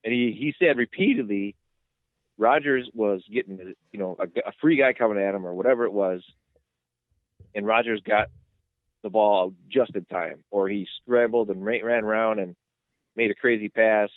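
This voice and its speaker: A man co-hosting a casual sports podcast, rambling through each play and getting worked up as he tells it. His voice sits on the low side. The sound is thin and phone-like, with no room around it. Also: moderate pace, no echo. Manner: excitable, rambling storyteller. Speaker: podcast co-host. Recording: tinny phone-like line, dry.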